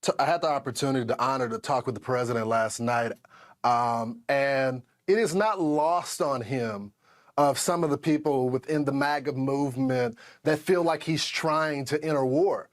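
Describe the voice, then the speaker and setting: A man's voice: mid-range voice, moderate pace. A man in a played broadcast clip, speaking earnestly and steadily as he relays what he was told. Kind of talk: broadcast commentary.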